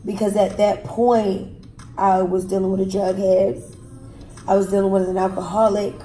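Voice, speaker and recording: A woman telling a personal story in an interview, frankly and with pauses and fillers. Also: mid-range voice, level tone, mellow. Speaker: guest telling her own story. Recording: echoey room with faint music.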